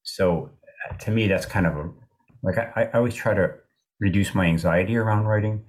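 A man in his sixties, an author in an interview, talking in a thoughtful, halting way with many restarts. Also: fairly low pitch. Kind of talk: reflective interview talk.

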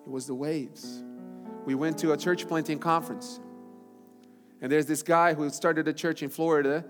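A man preaching a sermon as pastor, swinging from loud, high-pitched calls to hushed, low passages. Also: fairly even intonation, moderate pace. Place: church sanctuary. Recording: large hall with long reverb and music.

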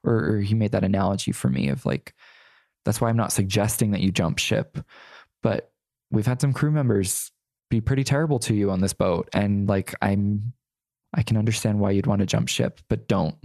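Young guy w a gravelly voice, chatty and sassy, lots of likes, dry close sound. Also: lowish voice, moderate pace, a little mellow, no room sound. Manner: chatty, many "like" fillers, sassy asides. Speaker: interview guest. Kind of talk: casual storytelling interview.

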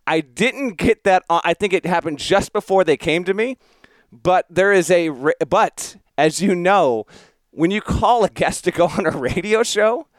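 A man's voice: high voice, expressive, a little slow, no echo. A man co-hosting a podcast, telling a story about himself in casual chat, self-mocking and laughing at his own antics. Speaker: podcast co-host.

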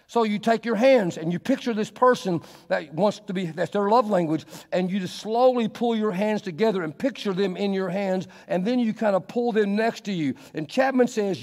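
A man preaches with a slightly raised pitch, his voice trailing off into a long hall reverb. He swings between quiet, intimate stretches and loud, emphatic bursts. It is a pastor's sermon from the pulpit. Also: normal speed, hardly any pauses.

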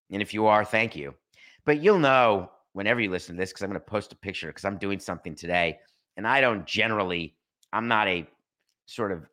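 A middle-aged man hosting a solo sports podcast, talking fast and animated, acting out imagined conversations. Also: on the low side. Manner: animated, acts out imagined dialogues. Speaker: podcast host. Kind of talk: solo sports talk monologue.

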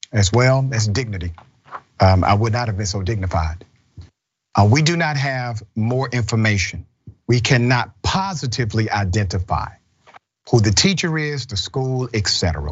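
A man's voice: medium pitch, slightly rough, lo-fi sound. A man hosting a news commentary show, blunt and indignant as he reacts to clips. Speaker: host.

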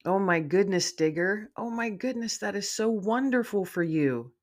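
A woman voicing a tender grieving mother who speaks softly and gently in a storybook. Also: medium pitch, lively intonation, normal speed, voice pushed up, natural voice. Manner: soft, gentle.

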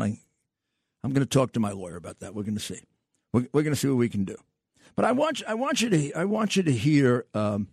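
Gravelly emphatic older talk-radio host. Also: male voice, mid-range voice, darkish tone, no room sound, studio quality. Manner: emphatic, repetitive, scornful.

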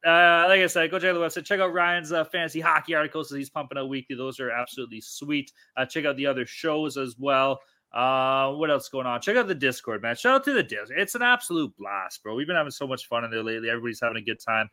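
A man's voice: medium pitch, lively intonation, quick pace, pushed and bright. A man hosting a podcast in casual sports betting chat, loose, profane and hyped-up. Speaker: podcast host.

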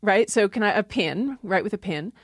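A woman's voice: mid-range voice, quick pace, no echo, studio quality. A woman linguist explaining language in an interview, often laughing as she talks. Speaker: linguist guest. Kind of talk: interview talk.

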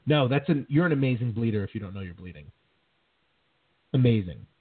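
A man co-hosting a casual podcast, rough and husky in tone, launching into animated mock-dramatic rants. His voice comes through thin and tinny, like over a phone line, with no room sound at all. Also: mid-range voice, fairly quick, dry recording. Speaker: podcast co-host. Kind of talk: casual chat.

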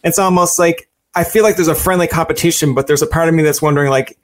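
A man's voice: on the high side, fairly even intonation, quick pace. A man interviewing a guest in a loose, rambling way, acting out quotes as he talks. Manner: chatty, rambling, acts out quotes. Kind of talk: casual interview chat.

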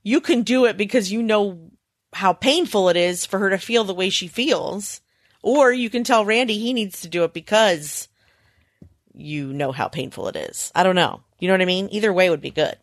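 A woman co-hosting a podcast in casual chat, telling stories animatedly and acting out a panicked child in high squeals. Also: moderate pace, dry recording, studio quality. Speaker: podcast co-host.

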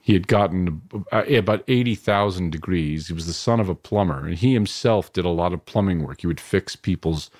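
A man from New York in his fifties, a filmmaker reflecting on his family in an interview, halting and restarting often. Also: sits low, a little mellow, dry recording, studio quality. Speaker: filmmaker guest. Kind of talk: interview answers.

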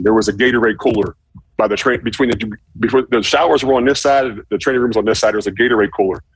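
A man casually telling a profane story, acting out shouted quotes with animated energy. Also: on the low side, breathy edge, no room sound. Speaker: former football player telling a story.

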